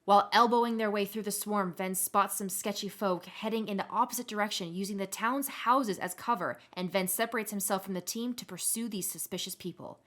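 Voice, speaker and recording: A woman narrating and running a tabletop role-playing game as game master, telling the story in an animated way. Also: mid-range voice, brisk, few pauses.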